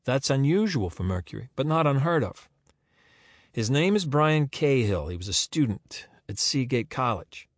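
A man's voice: mid-range voice, sing-song, moderate pace, no echo, studio quality, voice pushed up. A man voicing a patient, persistent woman investigator who keeps probing with questions.

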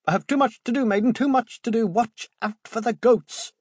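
A man putting on a shrill, frantic old botanist. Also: moderate pace, husky, dry recording, studio quality. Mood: agitated. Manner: shouting, high and strained. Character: agitated older male botanist, furtive and nervy.

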